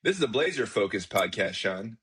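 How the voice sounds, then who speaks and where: Husky man bantering dryly on a podcast. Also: lowish voice, big pitch swings, brisk, fairly bright tone. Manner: dry, joking banter. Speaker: podcast co-host. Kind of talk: casual chat.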